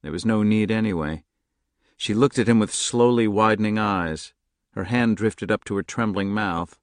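A man narrating a novel in a steady, measured audiobook reading, close to the mic. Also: lowish voice, dry recording. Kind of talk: scripted narration.

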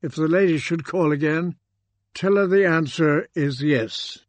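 A man voicing an earnest, courteous male android in an audiobook, speaking in a measured way. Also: on the high side, dry recording, close to an everyday voice.

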